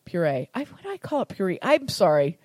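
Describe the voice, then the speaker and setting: A chatty American woman in casual conversation, her voice sitting a touch low. She jokes at herself and laughs easily as she talks a recipe through, recorded close and dry with no room around her. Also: big pitch swings, a little fast, a little mellow, no echo. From United States. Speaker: cooking podcast host. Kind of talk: casual cooking chat.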